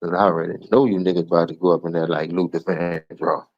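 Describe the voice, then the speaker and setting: A man with a New Orleans accent streaming an unscripted, profane rant to his listeners. He keeps calling them dog and bro, and he swings between low mutters and sudden high outbursts. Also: level tone, fast, no room sound, highs cut off. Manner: repeats words, addresses listener as dog and bro. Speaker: streamer giving a spoken open letter.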